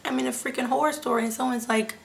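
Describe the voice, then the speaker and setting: A young woman vlogger telling a personal story to her viewers in an animated, chatty way, often saying "like" and "you guys.". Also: high-pitched, fast talker, gravelly, a little hiss or hum. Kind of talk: casual storytelling to camera.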